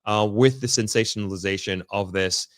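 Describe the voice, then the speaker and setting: On the ground where the news is happening, a vlogger offers his viewers a loose, unplanned update, pausing and beginning again as he searches carefully for the right phrasing. He has a lowish male voice at normal speed, studio-quality with no room sound.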